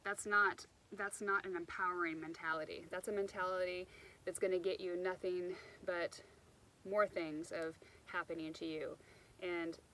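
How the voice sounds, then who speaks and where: This self-help speaker's voice sits on the low side, bright and forceful yet steady, moving at a normal speed. She talks off the cuff by the water outdoors, wandering somewhat and starting sentences over. The audio quality is poor.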